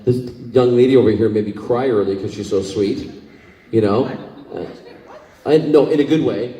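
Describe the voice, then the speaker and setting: A man's voice: mid-range voice, moderate pace, warm tone. Scottish-born man telling stories in an echoey hall. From Scotland. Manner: rambling, emotional, many fillers. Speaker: convention guest actor. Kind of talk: convention panel storytelling. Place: convention hall. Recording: echoey hall, distant mic.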